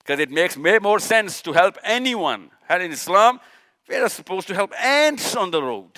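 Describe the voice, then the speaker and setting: Pushed and bright, this man's voice sits high with big pitch swings and a normal speed. A man from Pakistan, he delivers an impassioned religious lecture at a live session, firing off rhetorical questions and repeating points for emphasis.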